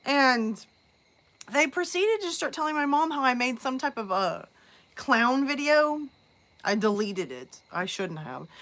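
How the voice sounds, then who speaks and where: A woman who narrates horror chats casually with her live-stream audience. She tells a story in a loose, rambling way. Her voice is bright and forward. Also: fairly high pitch. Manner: rambling, chatty storytelling with restarts.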